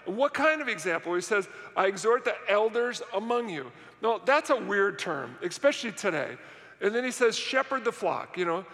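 A man preaches with a high, bright voice, pressing his points through repetition and questions to the crowd. The sound carries a long reverb from a large church hall. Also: big pitch swings, moderate pace. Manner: emphatic, repetitive, asks the audience questions. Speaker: pastor. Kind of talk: sermon. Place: church worship center.

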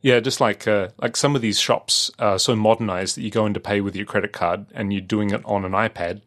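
A man's voice: on the low side, steady tone, fairly quick, a bit bright. A man with an Australian accent, chatting casually as a podcast co-host, rambling with lots of fillers and restarts. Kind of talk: casual chat.

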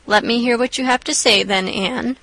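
A woman's voice: fairly high pitch, normal speed, a bit bright, dry recording, rough recording. A woman voicing a stern, strict older female guardian who speaks firmly and curtly. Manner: firm, clipped.

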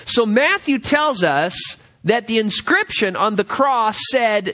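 A man teaching a Bible study lecture, directing listeners to passages and reading scripture aloud slowly with emphasis. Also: sits high, animated, bright, forceful tone.

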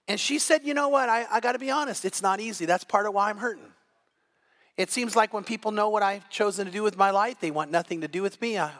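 A pastor with a high-sitting voice preaches a sermon, retelling a story in a lively way. He acts out the people in it, changing his voice for each.

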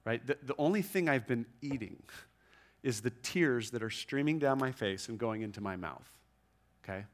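A man preaching a sermon in a church room, earnest and conversational, often restarting and checking in with "right?", slowing down and softening when he reads scripture. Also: mid-range voice, animated. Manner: reads scripture slowly and softly. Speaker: pastor.

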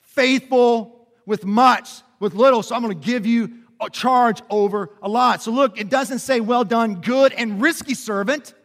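High, bright-voiced preacher man in a hall. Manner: animated preaching, drops to quiet emphasis and rises to shouts; asks the congregation questions and calls for responses. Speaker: pastor. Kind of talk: sermon.

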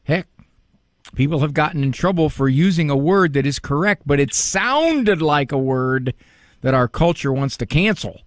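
A man's voice: on the high side, moderate pace, no room sound, studio quality. A man hosting a radio advice show as a psychologist, talking in a wry, joking way. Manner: wry, joking, animated, with playful word games. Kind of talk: casual radio monologue. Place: radio studio.

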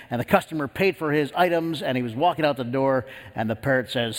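Male preacher, fairly high voice, earnest storyteller, long reverb of a hall. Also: rapid-fire, hardly any pauses. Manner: earnest, storytelling, frequent restarts. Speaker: pastor. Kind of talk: sermon.

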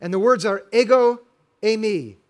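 High-ish voiced guy preaching, middle-aged, earnest and emphatic. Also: normal speed. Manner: earnest, building to emphatic exhortation. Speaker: pastor. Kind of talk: sermon.

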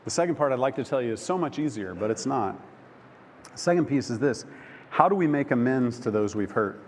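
A man preaching a sermon, telling a personal story with emotion, halting and restarting often. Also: mid-range voice, animated, a little mellow. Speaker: pastor. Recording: long hall reverb, faint background noise.

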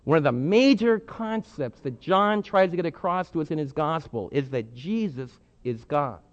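A man preaching a sermon with emphatic delivery, swinging between hushed and loud. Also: a little high, lively intonation, normal speed. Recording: muffled sound with long hall reverb.

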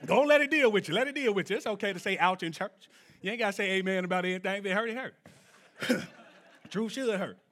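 A man preaching a sermon in church, swinging from low, quiet lines to shouted peaks and drawing answers from the congregation. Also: quick pace, long pauses. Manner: call-and-response with the congregation. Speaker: pastor.

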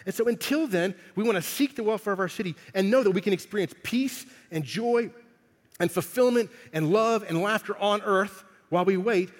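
A man preaching a sermon in a conversational, emphatic way, building to loud swells on key phrases. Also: high voice, moderate pace. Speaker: pastor. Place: church hall. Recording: long hall reverb. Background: congregation in the room.

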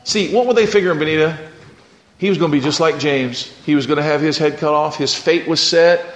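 A man preaching a lively storytelling sermon and calling on his congregation to answer back. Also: fairly high pitch, a little fast. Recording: echoey room with faint noise.

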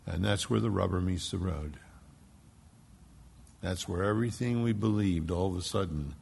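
A man from Philadelphia preaching a sermon as pastor, emphatic, dropping to a hush and rising to loud stresses. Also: low voice, normal speed, vocal fry, long pauses, slight background noise. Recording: long hall reverb.

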